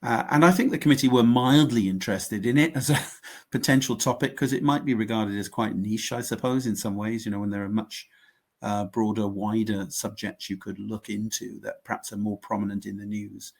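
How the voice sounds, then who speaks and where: A middle-aged man from the United Kingdom, a member of parliament, explaining committee work in a measured conversational way with some restarts. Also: on the low side, fairly even intonation, vocal fry. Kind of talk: conversational interview answers.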